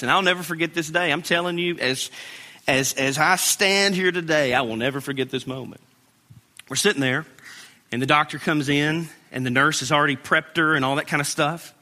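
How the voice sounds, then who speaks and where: A man's voice: on the high side, bright, forceful tone. A man preaching a sermon as pastor, earnest and storytelling, building to emphatic peaks. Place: church sanctuary. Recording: long reverb in a large hall.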